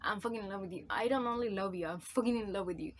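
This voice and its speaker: Rapid-fire and medium-pitched, a woman gushes through a casual book review vlog with slight noise in the background. She swears a lot, rambles with constant "like" and "you know," and gets so emotional she's nearly in tears.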